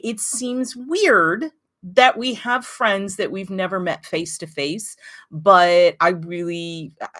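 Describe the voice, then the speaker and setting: A woman's voice: mid-range voice, a bit bright. A woman hosting a knitting live stream, chatting casually and greeting viewers by name and place.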